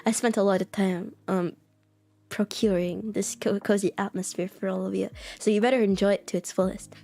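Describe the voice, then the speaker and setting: A woman's voice: medium pitch, steady tone, brisk, warm tone, soft background music. A woman with an American accent chatting casually with her live chat as a streamer, giggling often and saying "like" a lot. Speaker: VTuber streamer.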